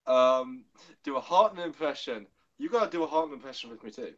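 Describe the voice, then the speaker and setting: Excitable man with a lively voice. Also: mid-range voice, brisk, highs cut off. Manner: excitable, rambling, restarts often. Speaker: livestream co-host. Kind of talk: casual livestream chat.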